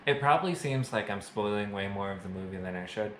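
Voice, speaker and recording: A man's voice: on the low side, expressive, fast, fairly bright tone, reverberant, slight background noise, rough recording. A man casually reviewing a movie to camera, chatty and full of fillers, with self-mocking jokes. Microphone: camera mic.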